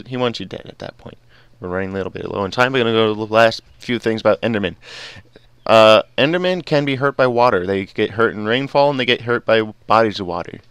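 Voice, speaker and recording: Low, smooth-voiced man rambling over gameplay. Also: fairly bright tone, no echo. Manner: rambling, digresses a lot. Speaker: gaming video host. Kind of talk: casual gameplay commentary.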